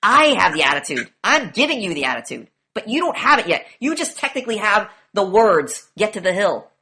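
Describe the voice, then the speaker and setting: Fast, bright-voiced profane woman lecturing. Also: mid-range voice, big pitch swings, husky. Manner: profane, emphatic, rapid rhetorical questioning. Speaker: class instructor. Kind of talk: classroom lecture.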